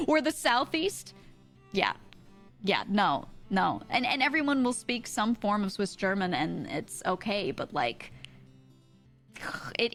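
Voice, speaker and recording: A woman's voice: mid-range voice, creaky. A woman from New York chatting casually with her viewers, rambling, swearing and laughing often. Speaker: streamer.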